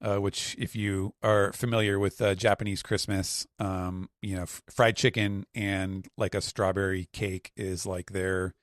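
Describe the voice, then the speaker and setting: A man's voice: deep voice, level tone, unhurried, few pauses, no room sound, clean studio sound. A man on a podcast panel, chatting casually and describing things in a rambling way, with lots of fillers. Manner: rambling, filler-heavy description with acted quotes. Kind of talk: casual chat.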